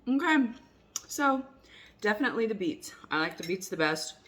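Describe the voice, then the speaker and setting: A woman's voice: medium pitch, big pitch swings, normal speed, fairly bright tone. A woman vlogging a casual taste test at home, chatty and rambling, sometimes talking while she chews. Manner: chatty and rambling, many fillers and restarts; talks while chewing food at times. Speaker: cooking vlogger.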